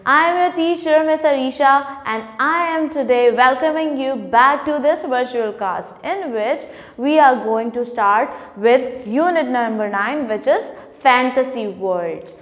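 A woman teacher reads a storybook aloud to young pupils in an online lesson. She talks slowly and carefully, in a high voice, and stops to explain words in simple terms. A long reverb trails her voice. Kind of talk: reading a story aloud to children in an online class.

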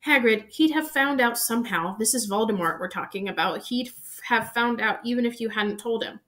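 A woman's voice: on the high side, normal speed, a bit bright, close to an everyday voice. A woman voicing a brave, earnest young boy wizard who speaks thoughtfully.

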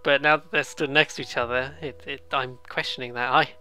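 Giggly, bright-voiced let's play host. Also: medium pitch, fairly even intonation, faint music behind. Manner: giggly, self-deprecating, quick asides. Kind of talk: casual game commentary.

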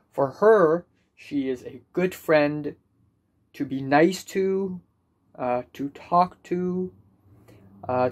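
Young guy venting anxiously to camera, repeats himself a lot, voice a little high. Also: a little mellow. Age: young adult. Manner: anxious, self-deprecating rambling with repetitions. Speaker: vlogger. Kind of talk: personal video diary.

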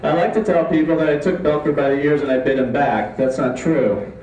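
A man telling a comic true story on a live stage, with a deadpan, mock-dramatic delivery. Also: a little high, fairly quick, a crowd in the background. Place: live stage before an audience. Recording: echoey room, distant mic, faint ambience.

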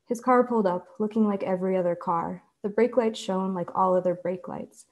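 A woman author reading her own fiction aloud in a measured, deliberate way. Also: mid-range voice, a little mellow. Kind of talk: literary reading.

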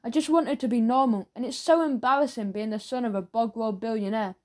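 A woman's voice: fairly high pitch, a little fast, lightly acted. A woman voicing a shy, awkward, apologetic twelve-year-old boy who speaks hesitantly. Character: shy, awkward rich schoolboy.

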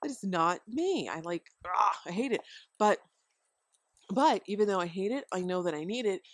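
A woman's voice: lowish voice, no echo. A woman giving casual parenting advice to the camera outdoors, rambling with many fillers and frequent chuckles. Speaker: homeschooling parent vlogger. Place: outdoors at home by a deck with chickens.

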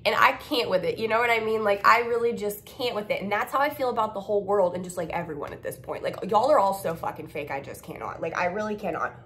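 Young woman vlogger, casual and blunt, swears freely, ordinary pitch, faint noise behind. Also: fairly bright tone. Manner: blunt, profane, ranting. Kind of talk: casual vlog chat.

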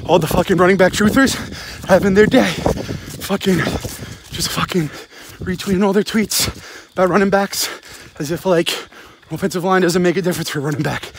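A man's voice: high-pitched, a little hiss or hum. A man who is a father, casually ranting about football in a profane, heated, rambling way while out running at night. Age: adult, father. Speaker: podcast host. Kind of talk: casual postgame rant. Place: outdoors at night, jogging.

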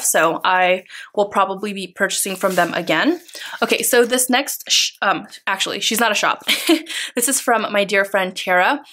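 A woman's voice: medium pitch, a bit bright. Chatty woman showing a sticker haul. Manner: chatty and gushing, many fillers. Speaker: planner vlogger. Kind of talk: casual haul video.

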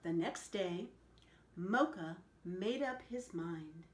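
A woman telling a picture-book story to children, animated and asking them questions along the way. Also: on the low side, takes it slowly, slight background noise. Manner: animated, asks the listeners questions. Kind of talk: picture-book read-aloud. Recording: echoey room.

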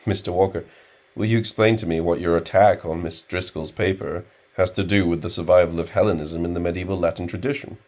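A man's voice: sits low, steady tone, brisk, darkish tone. A man voicing a stern middle-aged male professor who speaks in a cold, level, weary way.

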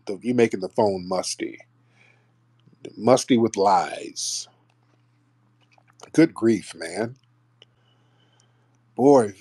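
A man's voice: fairly low pitch, warm tone, slightly rough, no room sound. A man hosting a live call-in stream, talking in a brash, mocking way with blunt slang. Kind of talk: casual live call-in banter.

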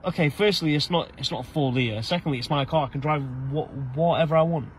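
A man's voice: on the high side, fast talker, a little hiss or hum. A man, arguing back defensively from inside his car. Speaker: driver.

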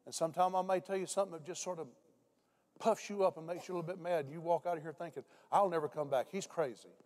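An older man preaching a sermon to a church congregation, dropping his voice low when he tells stories. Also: a little mellow. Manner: storytelling preacher, voice drops low for quoted speech. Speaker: pastor. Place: church sanctuary.

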